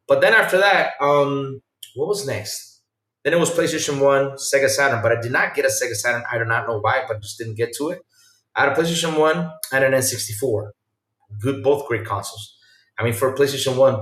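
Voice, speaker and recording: A man hosting a casual podcast chat, telling stories in an animated way that swings from loud to quiet. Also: mid-range voice. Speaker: podcast host. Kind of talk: casual chat with a live chat audience. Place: home room. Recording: roomy sound from a distance off the mic.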